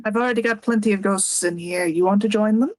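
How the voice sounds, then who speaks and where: A woman's voice: mid-range voice, quick pace, no echo. A woman playing a tabletop game, playful and easygoing as she speaks in character. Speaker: player.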